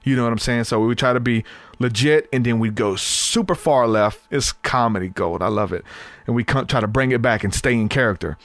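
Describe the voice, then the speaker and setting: A man hosting a podcast, telling a story in a casual, animated way and laughing easily. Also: medium pitch, a little fast, dry recording. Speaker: podcast host.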